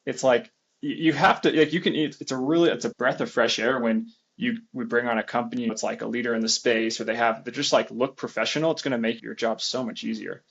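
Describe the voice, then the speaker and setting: A man's voice: mid-range voice, fairly even intonation, brisk, gravelly, fairly bright tone, breathy edge. A man host in a casual podcast chat, thinking aloud with restarts and qualifiers, on slightly dull lo-fi audio.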